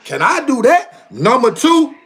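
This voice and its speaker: High, lively man ranting on a livestream. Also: measured pace, breathy edge. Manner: emphatic, repeats phrases, heated. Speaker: live streamer. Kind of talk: casual livestream rant.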